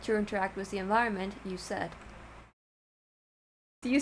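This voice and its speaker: A woman streamer giving casual let's-play commentary, gushing, excitable and giddy. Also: medium pitch, normal speed, long pauses, slight background noise.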